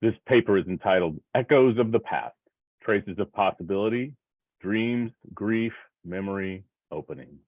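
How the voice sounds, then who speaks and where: A man in his sixties with a low voice reads his own essay aloud, slow and reflective, leaning on rhythmic repetition. The sound is thin and phone-like, with no room around it. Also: no room sound. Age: 60s. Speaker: professor presenting a paper. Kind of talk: reading a personal essay aloud. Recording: tinny phone-like line, dry.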